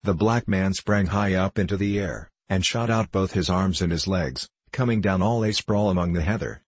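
A man narrates a storybook with a very deep, husky voice. His reading is steady and measured. The recording is close and dry, with no room sound. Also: no echo. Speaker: audiobook narrator. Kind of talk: scripted narration.

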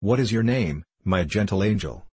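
A man voicing a frail, broken old prisoner who speaks in halting, bewildered questions, for a storybook reading. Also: lowish voice, expressive, a little mellow, breathy edge, dry recording. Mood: dazed, bewildered.

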